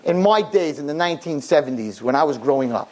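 A woman in her fifties giving a Torah class, animated, rhetorical and fast-talking. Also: low voice, slight background noise.

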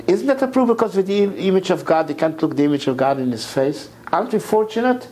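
A man giving an impassioned sermon lecture, repeating words as his voice climbs to near shouts. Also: on the high side, big pitch swings, brisk, low-quality recording. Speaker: rabbi lecturer.

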